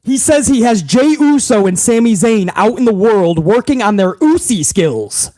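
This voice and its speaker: A man's voice: sits high, expressive, normal speed, warm tone, dry recording. A man hosting a wrestling podcast, recapping the show in a heated, profane rant full of incredulous repeats. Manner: heated, swearing, incredulous, talks over himself with repeats.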